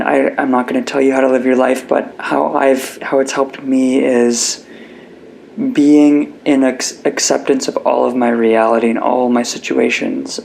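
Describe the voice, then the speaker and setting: A man's voice: medium pitch, vocal fry, darkish tone, a little hiss or hum, low-quality recording. A young man as an interview guest, talking earnestly and reflectively about his life, with emotion close to the surface. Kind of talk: candid personal interview.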